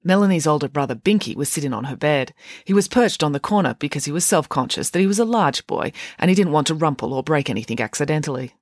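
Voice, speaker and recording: A woman author hosting a bedtime story show, reading aloud in an expressive, animated way. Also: sits low, fast, no echo, clean studio sound. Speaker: author reading her own book.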